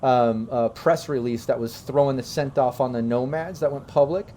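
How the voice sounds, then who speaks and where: A man narrating a tabletop game as game master, in a relaxed and rambling way. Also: medium pitch, normal speed, slight background noise.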